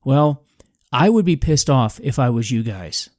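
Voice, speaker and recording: A man's voice: mid-range voice, lively intonation, a little slow, darkish tone, no echo, clean studio sound. A man hosting a podcast, giving an emphatic, combative political commentary monologue in a preachy manner. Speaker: podcast host.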